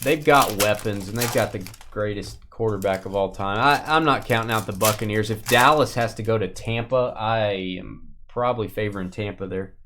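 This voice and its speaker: A man's voice: on the low side, normal speed, noisy background. Chatty man hosting a card break. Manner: chatty, reacting to pulls and chat comments. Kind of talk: casual live card-break chat.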